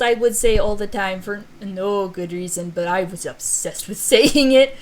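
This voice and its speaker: A woman's voice: mid-range voice, measured pace. A woman streamer and story author in casual chat, rambling and self-mocking, with casual swearing.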